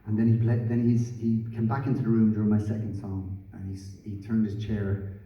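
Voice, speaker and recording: A man telling a rambling, self-deprecating story on a theatre stage, halting with fillers. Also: fairly low pitch, little pitch movement. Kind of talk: live on-stage anecdote. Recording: echoey hall from far off, dull audience recording. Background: audience noise.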